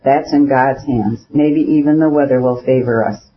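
A man's voice: medium pitch, normal speed, natural voice. A man voicing a plain-spoken, pious old male peasant beekeeper in an audiobook reading, with homely, deferential talk. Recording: dull lo-fi recording.

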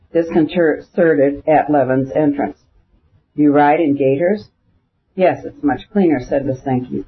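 A man narrating a classic novel aloud in a measured, even reading voice, saying the French phrases as well. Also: a little high. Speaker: audiobook narrator. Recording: phone-like narrow band.

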